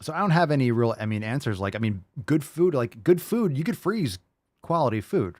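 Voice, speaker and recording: A man's voice: mid-range voice, very animated, a little fast, a little mellow, no echo, studio quality. Loose, profane male podcast host. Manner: loose, rambling and profane, with many fillers. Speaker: podcast host answering listener calls and questions. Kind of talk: casual live call-in podcast.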